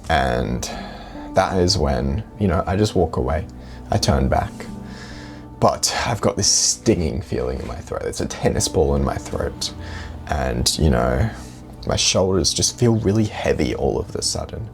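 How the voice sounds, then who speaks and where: A man's voice: a bass voice, lively intonation, unhurried, vocal fry, faint music behind. A young adult man casually telling a personal story to camera, reflective and full of "you know" fillers. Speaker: dating vlogger.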